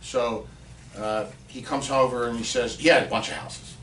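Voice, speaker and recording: A man guest on a podcast, telling a long story in casual chat and acting out quotes with excited rises in his voice. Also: mid-range voice, moderate pace. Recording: roomy and distant with faint noise.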